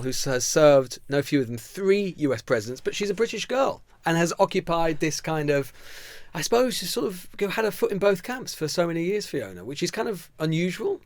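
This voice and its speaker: A man's voice: fairly high pitch, no echo. A man hosting a podcast, delivering a dramatic scripted intro and then interviewing in a chatty, hedging way. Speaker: podcast host.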